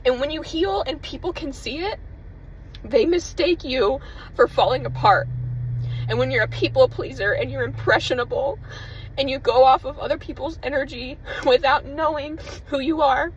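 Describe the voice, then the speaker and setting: A woman vlogger with a fairly high, light voice speaks in a raw, emotional ramble, full of restarts and casual swearing. Her confessional delivery sounds unpolished and personal. A faint hiss of noise sits under the recording. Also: normal speed, low-quality recording.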